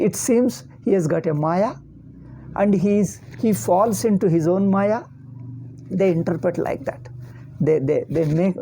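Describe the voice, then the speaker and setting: Mellow-voiced woman teaching scripture. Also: deep voice, creaky, breathy edge. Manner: explanatory, repeats phrases, checks in with "okay?". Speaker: Vedanta teacher. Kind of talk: scripture commentary lecture.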